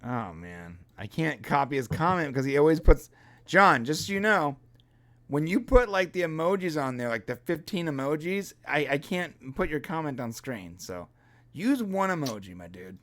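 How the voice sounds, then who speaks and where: Lively man laughing through a live show. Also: on the high side, normal speed. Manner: laughs often, jokey asides. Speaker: podcast co-host. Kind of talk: casual livestream review chat.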